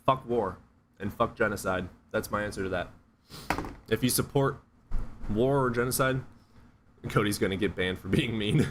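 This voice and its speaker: A man's voice: fairly low pitch, fairly bright tone, slight background noise. A man hosting a casual livestream chat, blunt and joking, swearing freely. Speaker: livestream host.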